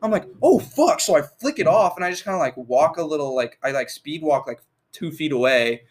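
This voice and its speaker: A man's voice: on the high side, brisk. Casting: young guy, casual storyteller, loose and profane, lots of filler. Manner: rambling storytelling with heavy filler and swearing. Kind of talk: casual chat.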